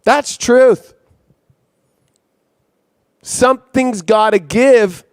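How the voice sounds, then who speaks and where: A man hosting an impassioned astrology monologue, intense and profane, circling back on his own phrases. His voice sits very high for a man. The sound is dry and close. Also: drawn-out words, clean tone, no room sound. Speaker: astrologer host.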